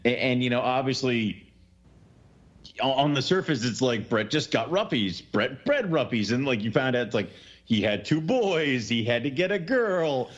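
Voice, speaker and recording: Self-mocking man, mid pitch, rambling podcast talk, slightly dull recording. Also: sing-song, normal speed. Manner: self-deprecating, rambling, laughing. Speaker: podcast co-host. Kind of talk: casual chat.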